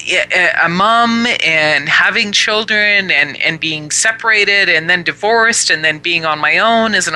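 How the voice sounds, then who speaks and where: A woman with a very bright, sharp-edged voice hosts a talk show. She tells a personal story earnestly and reflectively, replaying her own side of past conversations. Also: on the low side, poor audio.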